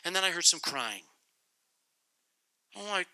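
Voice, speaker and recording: A middle-aged man telling a testimony to a youth group and praying, in an animated, comic, repetitive storytelling manner. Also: high voice, unhurried, no room sound, low-quality recording. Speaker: guest speaker to youth group.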